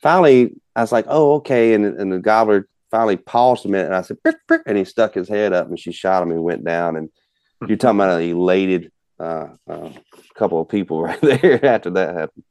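A man's voice: low voice, fairly quick, darkish tone, no room sound. A man telling a rambling, folksy hunting story as a podcast guest. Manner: folksy, rambling, many fillers. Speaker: guest hunter. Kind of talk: casual storytelling.

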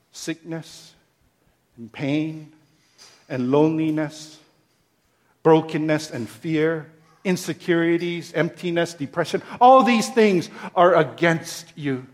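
A man preaching a sermon as pastor, repeating phrases in a steady rhythm, building to emphatic peaks and then dropping soft. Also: on the high side. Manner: slow, deliberate delivery.

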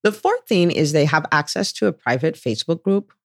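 A woman's voice: low-pitched, lively intonation, brisk, vocal fry, no echo, clean studio sound. A woman who is a physician hosting a solo podcast, talking with gushing enthusiasm and acting out what other people said.

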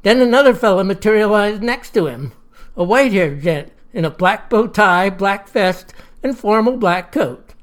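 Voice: medium pitch, expressive, normal speed. A storyteller narrating a satirical tale with dry, wry asides.

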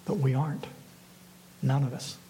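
A man, a pastor, preaching a sermon in a measured way and putting rhetorical questions to his congregation. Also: medium pitch, mellow, a little hiss or hum, rough recording.

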